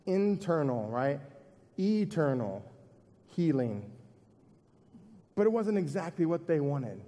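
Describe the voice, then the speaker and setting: A man's voice: fairly high pitch, sing-song, slow, warm tone, big-room sound. A man preaching a sermon to a church congregation in a conversational way, asking questions and repeating his points. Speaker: pastor.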